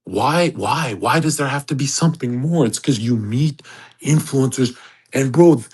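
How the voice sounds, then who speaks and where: A man's voice: medium pitch, expressive, normal speed, a little mellow, husky. A man hosting a livestream, talking in a brash, profane rant and mocking others in put-on voices. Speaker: host. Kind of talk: livestream monologue.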